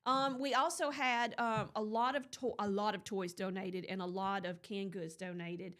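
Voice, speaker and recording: A woman's voice: mid-range voice, fairly even intonation, normal speed, a bit bright. A woman hosting a morning show, chatting casually and telling stories with lots of fillers. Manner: chatty storyteller, rambling with fillers. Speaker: radio morning show host. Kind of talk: casual on-air chat.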